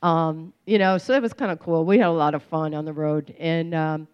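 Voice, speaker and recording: A woman with a low, steady, clear and resonant voice speaks at normal speed, casually telling her recovery story as personal testimony. She rambles with warm humor, using lots of fillers and restarts, on a slightly dull lo-fi recording.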